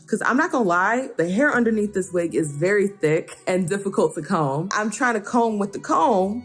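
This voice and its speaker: A woman vlogging a beauty box unboxing at home, chatting casually, reading labels aloud and adding playful asides. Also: lowish voice.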